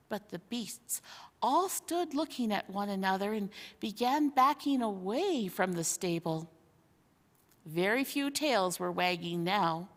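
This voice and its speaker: A woman reading a children's novel aloud, in an expressive storytelling manner. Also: medium pitch, takes it slowly. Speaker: reader. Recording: long hall reverb.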